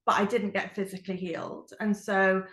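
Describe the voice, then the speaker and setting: A woman's voice: mid-range voice, level tone, normal speed, a bit bright. Earnest woman speaker in an echoey room. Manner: earnest, reflective, with frequent fillers. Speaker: Christian speaker. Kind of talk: personal testimony talk.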